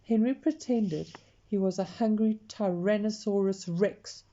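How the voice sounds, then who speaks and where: A woman reads a picture book aloud, slowly and expressively, talking straight to the listener. Her voice is mellow and unhurried, and the recording sounds dull and lo-fi. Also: medium pitch. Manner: slow, expressive, talks to the listener. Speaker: storyteller.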